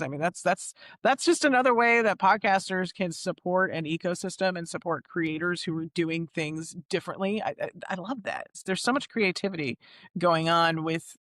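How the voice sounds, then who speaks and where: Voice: mid-range voice, a bit bright, no echo. Chatty host from the Bay Area, dry sound. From San Francisco Bay Area. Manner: enthusiastic, rambling with frequent restarts. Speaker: podcast host. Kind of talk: casual podcast chat.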